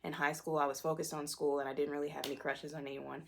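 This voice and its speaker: A woman's voice: deep voice, little pitch movement, fast, creaky, slight background noise. A young woman in her twenties, talking candidly about her life in a personal vlog. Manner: candid, self-deprecating, candid storytelling. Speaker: vlogger.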